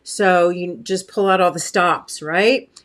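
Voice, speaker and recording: This American woman's voice is fairly low and fairly even in intonation, and she speaks slowly while hosting a laid-back craft livestream, chatting and reading viewer comments. She frequently clears her throat, which has a catch in it. Expect lots of fillers and warm, chatty asides to her viewers.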